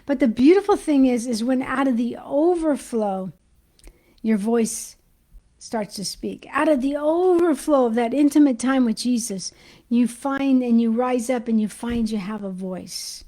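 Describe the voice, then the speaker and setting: Warm, excited woman teaching faith. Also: on the high side, low-quality recording. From United States. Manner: excited, chatty, pauses to hunt for her notes. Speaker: Christian ministry teacher. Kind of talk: informal livestream teaching.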